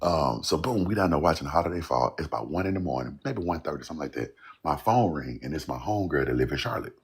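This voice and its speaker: Very deep, husky-voiced man telling a story. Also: expressive, quick pace. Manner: loose, rambling, repeats "you know what I'm saying". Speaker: guest songwriter. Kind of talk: casual storytelling.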